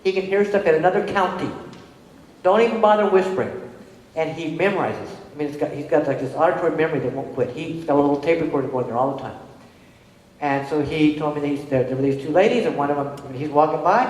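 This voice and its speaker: A woman's voice: sits low, quick pace. A middle-aged woman tells stories to an audience, acting out what each person said. Her voice carries with a long echo through a large hall. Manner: animated, acts out dialogue in quoted voices. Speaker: speaker on disability inclusion. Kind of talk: storytelling presentation. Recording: echoey hall.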